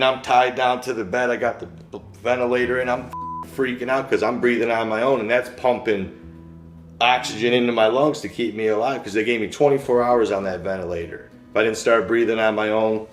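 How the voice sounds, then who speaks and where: Young male interviewee, low voice, casual slangy storyteller; roomy sound with faint music bed. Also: fairly even intonation, a little fast. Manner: slangy, rambling, acts out quotes. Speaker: interviewee, shooting survivor.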